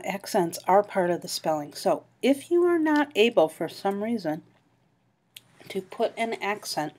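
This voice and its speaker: A woman's voice: fairly low pitch, a little mellow. A woman teaching a French class online, patiently explaining grammar and modeling pronunciation. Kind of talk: online class review lecture.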